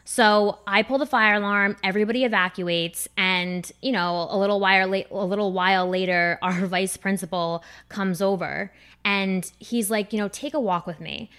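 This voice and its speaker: A New Jersey comedian, she speaks with a smooth, medium-pitched voice at a moderate pace. As a guest on a laid-back podcast, she tells a story animatedly and acts out the voices she quotes.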